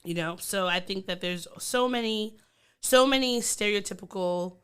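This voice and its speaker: A woman co-hosting a podcast, talking candidly in casual chat and getting animated when she teases her co-host. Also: medium pitch, moderate pace, clean tone.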